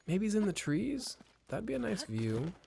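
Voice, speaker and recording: With a high-pitched voice, huge pitch swings, and vocal fry, a man gives casual let's play commentary at normal speed from a home desk mic. He rambles, swears, mocks himself, and bounces between mutters and exclamations over a noisy background.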